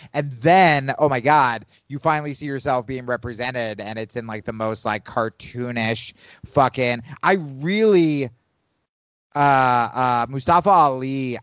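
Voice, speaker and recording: A man in casual podcast chat, animated and profane, rambling through his opinions. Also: mid-range voice, clear, resonant tone, no echo, lo-fi sound.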